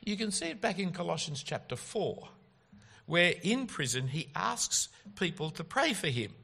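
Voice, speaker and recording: A man's voice: high-pitched, very animated, normal speed, creaky, pushed and bright, breathy edge. A man preaching an expository sermon, emphatic and full of rhetorical questions.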